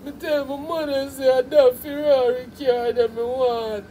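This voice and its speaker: A woman's voice: high-pitched, fairly even intonation, unhurried, dark tone, slight background noise, voice pushed down, poor audio. A Jamaican woman putting on the whiny voice of a sulky grown man she is mocking. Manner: sulky, whining.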